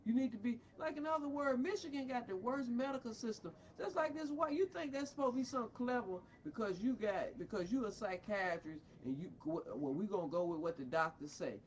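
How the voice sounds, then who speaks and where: A woman's voice: on the high side, brisk, hardly any pauses, a little mellow, slight background noise. A woman ranting angrily at a doctor about her child in a confrontational, preachy, scolding way. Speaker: parent. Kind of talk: angry rant addressed to a doctor.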